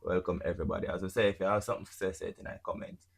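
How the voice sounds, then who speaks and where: A man's voice: low voice, fairly even intonation, very fast, creaky, slightly rough. A man with a Jamaican accent from Jamaica, hosting a podcast in casual chat, blunt and swearing freely, often checking "you see me?". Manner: keeps asking "you see me I say?". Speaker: podcast host.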